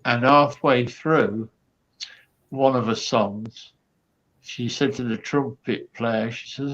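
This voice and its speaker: A man's voice: medium pitch, slow pace, fairly bright tone, lo-fi sound. A man, a guest comedian, telling a rambling backstage anecdote full of quoted asides and fillers.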